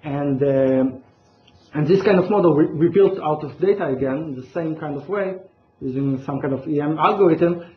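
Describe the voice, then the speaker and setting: A man's voice: a little high, moderate pace. A man giving an academic conference talk, hesitant, with many fillers and restarts. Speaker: conference speaker. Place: large lecture hall. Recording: echoey lo-fi hall recording, faint noise.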